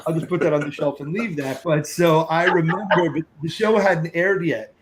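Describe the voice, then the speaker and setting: Animated middle-aged man telling a story. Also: on the high side, normal speed, background noise. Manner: lively storyteller who acts out other voices and sings snatches; curses casually. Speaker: podcast guest.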